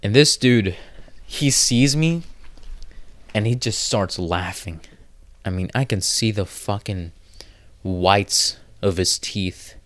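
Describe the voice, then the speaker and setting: A man's voice: fairly low pitch, slow pace, pauses often, dry recording. A man hosting a solo podcast, telling a rambling, profane story full of fillers and restarts. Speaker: podcast host. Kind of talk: casual solo podcast monologue.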